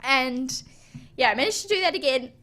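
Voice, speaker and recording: Young woman telling a story, lots of fillers. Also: high-pitched. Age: young adult. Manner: animated, halting with fillers. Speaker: guest, snowboarder. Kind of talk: casual storytelling interview.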